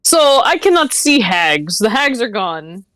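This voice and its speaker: A woman's voice: on the high side, very animated, a little slow, a bit bright, no echo. A woman playing a tabletop game, chatting casually and asking about the rules. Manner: chatty, asks rules questions. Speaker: player.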